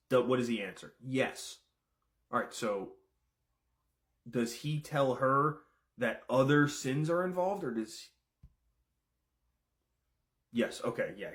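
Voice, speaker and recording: A man giving casual commentary, firing off questions and swearing freely. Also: medium pitch. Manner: rapid-fire questions, profane, excitable. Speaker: content creator.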